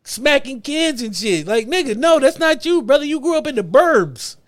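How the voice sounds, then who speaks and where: Animated high-voiced man cracking jokes. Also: normal speed. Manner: animated, joking, profane, laughs often. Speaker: podcast host. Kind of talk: casual banter among friends.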